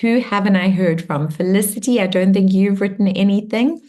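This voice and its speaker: A woman closing a guided meditation and warmly encouraging an online group as she reads out their comments. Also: medium pitch, normal speed. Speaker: meditation and spiritual workshop leader. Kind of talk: guided meditation close and live group check-in.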